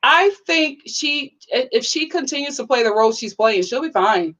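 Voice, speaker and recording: A woman's voice: normal speed, poor audio. Bubbly young woman chatting on a livestream. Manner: chatty, bubbly, many "like" fillers, jumps to high excited exclamations. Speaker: YouTube reality-TV reviewer reading live chat. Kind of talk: casual livestream chat.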